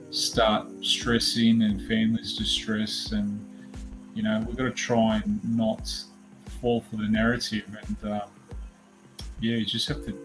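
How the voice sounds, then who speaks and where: A man's voice: on the low side, rough recording. A man with an Australian accent in casual chat, easygoing and reassuring, often saying "mate" and "you know".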